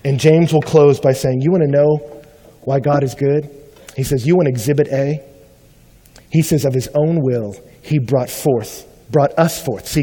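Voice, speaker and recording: A man preaching a sermon, telling a story that swings between loud animated bursts and hushed quiet stretches. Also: medium pitch. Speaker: pastor. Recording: long hall reverb.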